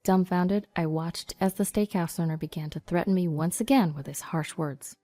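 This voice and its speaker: Woman telling a story in first person, lowish mellow voice, dry sound with faint music under. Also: moderate pace. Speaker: narrator. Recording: dry studio voice-over over soft music.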